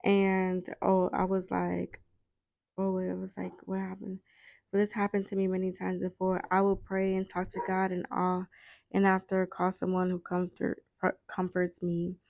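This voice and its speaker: A young woman vlogger recounting a painful personal loss, halting and repeating herself with many fillers. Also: fairly low pitch, monotone, vocal fry, a little mellow, dry recording, lo-fi sound. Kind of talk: emotional personal storytelling.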